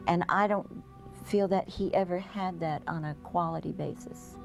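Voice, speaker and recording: A woman with a fairly low voice reflects earnestly in an interview. She speaks sincerely and plainly. Soft music plays faintly behind her. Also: fairly even intonation, normal speed, creaky.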